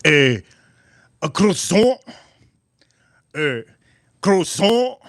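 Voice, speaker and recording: A clueless restaurant customer, put on by a man, who fakes a French accent with a hammy drawn-out "eh". The voice sits higher than usual and sounds close and dry. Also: sing-song, a bit bright, dry recording, full character voice. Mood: mock-French.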